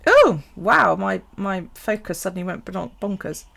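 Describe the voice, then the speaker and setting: A woman's voice: mid-range voice, big pitch swings, measured pace, creaky, fairly bright tone. A woman telling a story on a casual live stream, swearing freely and laughing as she goes. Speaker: bullet journal live streamer.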